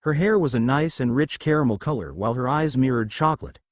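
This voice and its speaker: A man reading a fan-fiction story as narrator, in an animated storytelling manner. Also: mid-range voice, quick pace, dry recording, clean studio sound.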